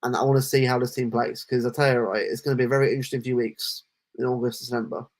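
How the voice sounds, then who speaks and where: A man co-hosting a casual football podcast, talking in animated rants full of restarts. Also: medium pitch, fast. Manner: animated, ranting, lots of restarts. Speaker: podcast co-host.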